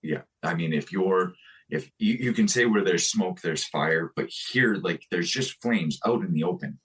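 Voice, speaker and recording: A man with a low, husky, slightly bright voice is a guest on a podcast. In casual conversation he speaks bluntly, halting often and restarting his sentences.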